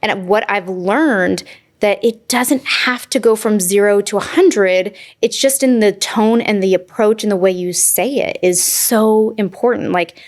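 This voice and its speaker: A woman hosting a podcast, talking casually in a relaxed way with halting restarts. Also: medium pitch. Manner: relaxed, halting, with restarts and soft agreement sounds. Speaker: podcast host. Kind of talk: casual conversational interview.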